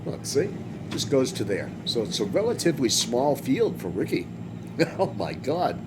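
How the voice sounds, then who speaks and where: A man's voice: medium pitch, big pitch swings, normal speed. A man from Massachusetts giving rambling, joking commentary while streaming a farming game. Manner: chatty, rambling, joking asides. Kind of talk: casual gameplay commentary. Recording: game vehicle engine noise behind.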